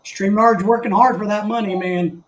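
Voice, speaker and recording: High-voiced chatty male stream host. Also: fairly even intonation, moderate pace, a loud crowd. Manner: chatty, greets viewers by name, rambling. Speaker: livestream host. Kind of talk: casual live chat. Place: living in the Philippines. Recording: echoey room, faint background noise.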